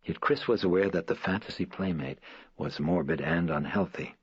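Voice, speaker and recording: Deep husky man reading horror. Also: no room sound. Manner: measured, somber reading. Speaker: audiobook narrator. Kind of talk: scripted horror narration. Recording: dry, slightly dull lo-fi recording.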